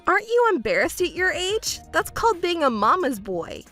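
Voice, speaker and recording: A woman's voice: very high-pitched, very animated, normal speed, a bit bright, faint music behind, pitched above the performer's own voice, heavily acted. A woman voicing a young overworked fiancée who pleads and argues back defensively. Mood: pleading. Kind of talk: texting story voice acting.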